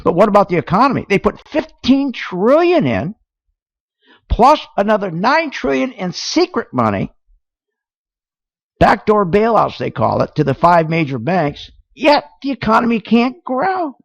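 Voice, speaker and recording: A radio talk show host rants indignantly about markets, firing off rhetorical questions in a high-pitched, gravelly, very animated voice at a measured pace. There's no echo, but he comes through a dull, lo-fi radio sound.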